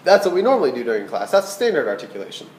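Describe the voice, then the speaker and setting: A man's voice: mid-range voice, big pitch swings, racing, roomy sound, over loud music, low-quality recording. A man teaching a recorded flute lesson, patient and checking in with "okay?" as he explains. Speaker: band teacher.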